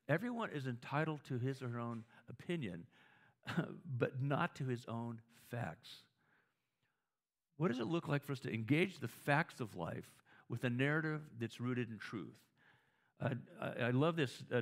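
A man preaching a conversational sermon, telling stories, often restarting his words and asking the audience whether they agree. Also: medium pitch. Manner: storytelling, asks the audience for agreement; frequent restarts and repeated words.

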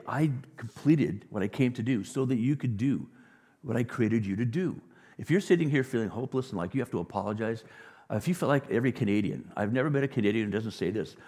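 Guy pastor preaching, kinda husky, gets loud then quiet, big echoey church sound. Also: mid-range voice, quick pace. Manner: animated, swings from quiet to loud emphasis. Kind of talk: sermon. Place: church sanctuary. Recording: long reverb of a large hall.

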